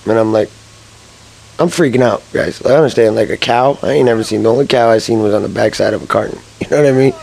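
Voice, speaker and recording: Gravelly young man telling a rambling story. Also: lowish voice, fast, poor audio. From Massachusetts, USA. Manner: rambling, lots of fillers and chuckles, excitable. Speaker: gaming channel storyteller.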